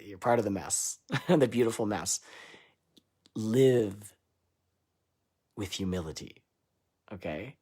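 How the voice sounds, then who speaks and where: Husky, low-pitched man; live spiritual channeler, irreverent and laughing, booming lines and muttered asides. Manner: loose and irreverent, swearing and laughing between lines; swings between loud declarations and quiet asides.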